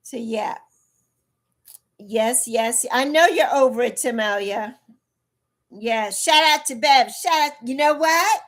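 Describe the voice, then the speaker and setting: A woman's voice: fairly high pitch, slow pace, long pauses, fairly bright tone. A woman in her early sixties chatting bluntly on a livestream, repeating herself for emphasis and answering her chat. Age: 60s. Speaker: livestream host.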